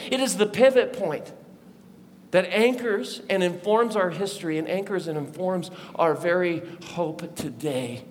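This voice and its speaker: A man preaching a sermon as a pastor, telling the story in a lively way and acting out the voices of the people in it. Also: sits high, a little slow. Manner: animated storytelling, acts out voices of disciples. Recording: long reverb of a large hall.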